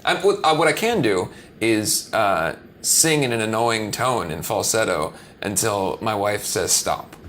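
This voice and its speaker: Low-voiced man joking through an interview. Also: expressive, measured pace, few pauses, fairly bright tone, a little hiss or hum. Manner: joking, self-deprecating, rambling with restarts. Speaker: musician guest. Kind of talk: casual interview chat.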